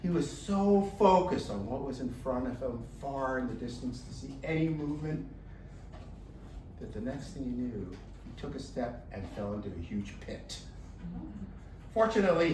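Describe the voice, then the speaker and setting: A man telling a folk tale to an audience in a lively, expressive way, with slow, dramatic pauses. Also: medium pitch, a little hiss or hum. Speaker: volunteer storyteller. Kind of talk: animated storytelling to an audience. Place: luncheon hall. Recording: roomy distant room mic, faint ambience.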